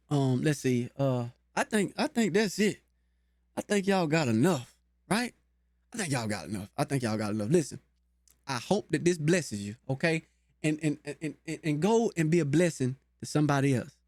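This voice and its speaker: A talkative man with a runs a casual guitar lesson and chats with his viewers in a folksy way. His voice sits high for a man. The sound is dry and close, with no room echo. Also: darkish tone. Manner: chatty, folksy and talkative, addresses viewers directly. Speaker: guitar teacher and channel host.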